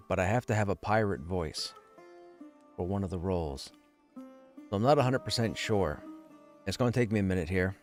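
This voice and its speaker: Man, game streamer, low voice, casual, self-deprecating jokes, faint music behind. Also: a little mellow. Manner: chatty, joking, self-deprecating. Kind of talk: casual live-stream chat while gaming.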